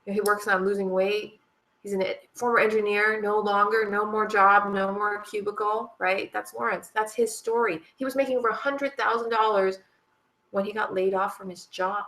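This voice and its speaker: A woman's voice: mid-range voice, steady tone, moderate pace, fairly bright tone. Emphatic woman host, echoey room. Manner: emphatic, repeats catchphrases, laughs often. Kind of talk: motivational sales talk.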